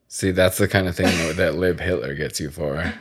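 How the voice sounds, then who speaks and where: A man's voice: low voice, steady tone, normal speed, breathy edge. A man hosting a podcast, chatting casually and crudely, joking and laughing often. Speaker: podcast host. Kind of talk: casual comedic chat.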